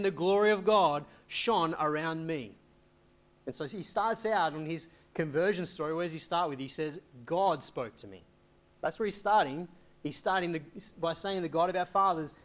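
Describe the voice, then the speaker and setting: A man preaching an expository sermon, reading scripture aloud and asking questions he then answers. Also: fairly high pitch. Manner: explains, asks rhetorical questions and answers them; reads scripture aloud in old wording. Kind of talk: expository Bible teaching.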